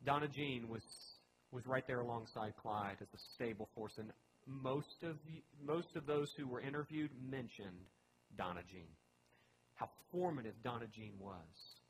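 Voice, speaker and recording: A man's voice: medium pitch, moderate pace, noisy background. A man pastor giving a conversational sermon, earnest and emphatic, often restarting his phrases.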